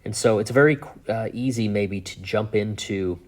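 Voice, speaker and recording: A man teaching a math lesson in a relaxed, chatty way, thinking aloud with fillers and asides. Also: fairly low pitch, moderate pace. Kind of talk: casual whiteboard lesson.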